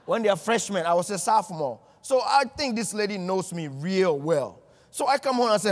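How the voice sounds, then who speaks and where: Man, middle-aged, motivational speaker, humorous storytelling, higher voice, large reverberant hall. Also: expressive, fairly quick. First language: not English. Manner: storytelling with acted dialogue, humorous. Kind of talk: motivational keynote speech.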